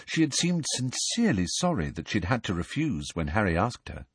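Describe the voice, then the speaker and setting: Brief: male narrator, low husky voice, lively storytelling, dry close recording. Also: normal speed, no room sound. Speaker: audiobook narrator. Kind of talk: scripted narration.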